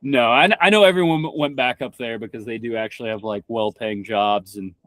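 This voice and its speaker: A man's voice: mid-range voice, a little fast, fairly bright tone, dry recording. Young man from Kentucky, rambling. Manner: rambling, frequent restarts and stammered repeats; blunt, swears freely. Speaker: podcast guest. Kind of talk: casual conversation.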